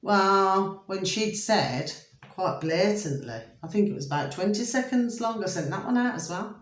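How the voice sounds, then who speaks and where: A woman, chatting casually and rambling, repeating pet names and swinging from loud to hushed. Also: medium pitch, expressive, normal speed. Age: 50s. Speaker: vlogger. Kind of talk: casual chat. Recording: echoey room.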